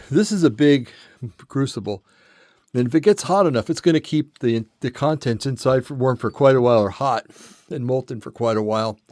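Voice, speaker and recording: Recorded dry at studio quality, this older man, a metal casting hobbyist, shows a tool in a darkish, medium-pitched voice. His delivery is casual and slightly breathless, full of fillers, rambling, and self-corrections.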